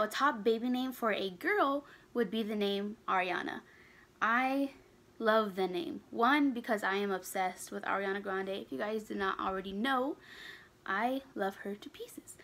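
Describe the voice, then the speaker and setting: In a medium-pitched, slightly bright voice, a young adult vlogger addresses her channel from her bedroom. The chat is casual, winded, and full of rambling tangents.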